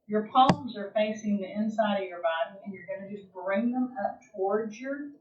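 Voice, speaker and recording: A woman teaching a yoga class, giving slow, calm, gentle cues with long pauses between them. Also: mid-range voice, background noise. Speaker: yoga instructor. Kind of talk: guided yoga class instruction. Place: home or studio room, livestream. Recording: roomy, distant, dull livestream audio.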